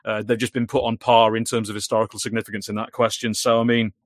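Fast-talking man, voice going. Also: lowish voice, no echo, clean studio sound. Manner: rapid, animated, many restarts. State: voice going hoarse. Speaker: guest. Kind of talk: casual conversation.

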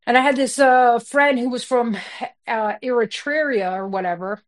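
A woman with a slightly high voice speaks bluntly and candidly, racing through her story with plenty of "you know" and "like". She is a comedian talking as a guest in a relaxed, unscripted conversation. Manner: blunt and fast-flowing, with many fillers.

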